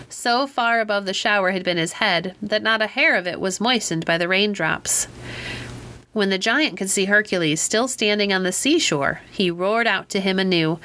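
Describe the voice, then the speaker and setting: A woman reads a classic storybook aloud in a measured, expressive style. Her voice is bright and forceful, at a middle pitch. The narration is scripted and steady. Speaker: reader.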